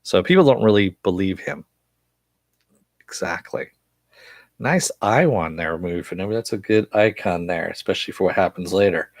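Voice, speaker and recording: A low-voiced man rambles through an episode recap, swearing freely and filling pauses with "uh" and "you know." The sound is dry and close to the mic, with no room around it. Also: no room sound. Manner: loose, profane, chatty with frequent fillers. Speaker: show reviewer.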